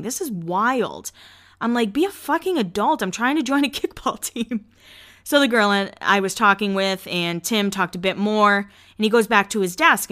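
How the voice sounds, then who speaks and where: A young woman telling stories about her work and social life on her podcast, candid and blunt and swearing freely. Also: medium pitch. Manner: candid, blunt and swearing, quotes people in lively voices. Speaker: podcast host. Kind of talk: casual storytelling monologue.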